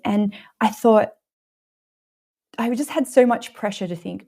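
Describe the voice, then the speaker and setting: A woman's voice: mid-range voice, moderate pace, creaky, long pauses. A woman in her thirties with an Australian accent, a podcast guest telling a story and acting out the people she quotes. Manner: animated, acts out quotes. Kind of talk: casual storytelling.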